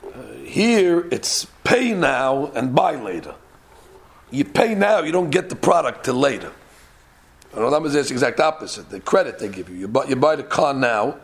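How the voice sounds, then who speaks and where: A man giving a lively, conversational Torah lecture, acting out quoted voices and slipping in Hebrew phrases. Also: medium pitch, normal speed. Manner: animated, conversational, acts out quotes, mixes in Hebrew. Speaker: rabbi giving a Torah class.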